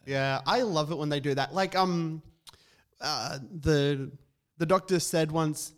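Opinionated fairly high-voiced man. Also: slow pace. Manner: opinionated, hesitant with many fillers. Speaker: podcast co-host. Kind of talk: casual fan chat.

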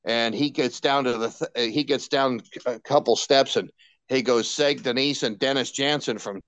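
An older radio veteran tells stories with excitement, stumbling over restarts and slipping into the voices of the people he quotes. His recording is dry and close, with no room sound. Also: mid-range voice, moderate pace, dry recording. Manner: animated anecdotes with many restarts and quoted dialogue. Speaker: radio personality guest. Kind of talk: candid storytelling interview.

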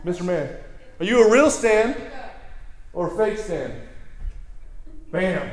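A young male preacher with a high voice delivers an energetic, playful sermon in a church. He jokes with the congregation and leads them in call-and-response. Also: slow. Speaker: youth pastor.

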